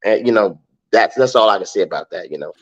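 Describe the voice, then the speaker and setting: A man's voice: fairly low pitch, animated, quick pace, dull audio. A middle-aged man, a comedian guesting on a podcast, chatting casually and repeating words as he searches for them. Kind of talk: casual chat.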